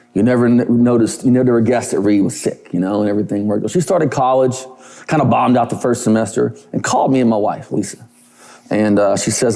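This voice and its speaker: Emotional storyteller man, low and mellow. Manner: emotional, animated storytelling with quoted dialogue. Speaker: conference speaker. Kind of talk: storytelling speech to an audience. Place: conference hall stage.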